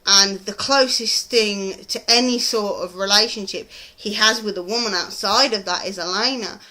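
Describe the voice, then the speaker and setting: A woman's voice: medium pitch, normal speed, sharp tone. A British woman chatting casually in a TV review vlog, rambling and gushing with frequent ums. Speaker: TV review vlogger.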